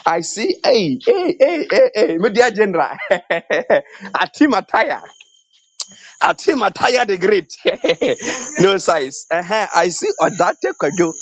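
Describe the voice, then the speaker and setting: A man's voice: high-pitched, husky, dry recording. A man on a live online show, greeting viewers one by one by name and laughing often, talking over a phone line with a weak network. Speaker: show correspondent.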